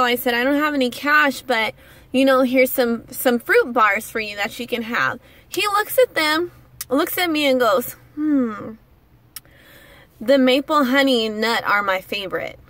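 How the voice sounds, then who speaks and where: Bright, high-voiced indignant woman vlogger. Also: no echo. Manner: indignant, animated storytelling. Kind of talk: casual rant to camera.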